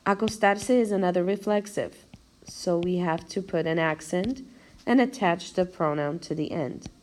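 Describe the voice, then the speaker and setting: A language teacher with a lowish, darkish voice gives a recorded video lecture. She explains things slowly and step by step, carefully spelling out and counting syllables.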